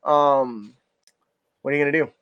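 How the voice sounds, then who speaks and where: A young man with a high voice runs a tabletop game, narrating scenes and asking for rolls. He talks loosely and laughs often. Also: steady tone, normal speed, clear, resonant tone, muffled recording. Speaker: dungeon master.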